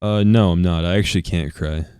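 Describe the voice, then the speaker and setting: A man co-hosting a podcast in casual chat, easygoing and quick to joke at his own expense. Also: low voice, steady tone, dark tone, smooth, no room sound, studio quality. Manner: easygoing, self-deprecating. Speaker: podcast co-host.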